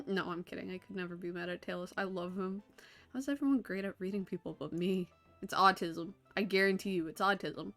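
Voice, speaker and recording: Bright-toned woman streamer, casual commentary full of gushing asides, faint music behind. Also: lowish voice, no room sound. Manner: gushing, swearing, quick asides.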